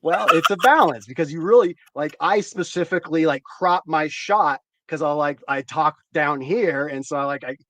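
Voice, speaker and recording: Male host, casual chat, swears freely, rambles, slightly high pitch. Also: fairly bright tone, dry recording. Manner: loose and profane, rambling with quick asides. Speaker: host of a growing show.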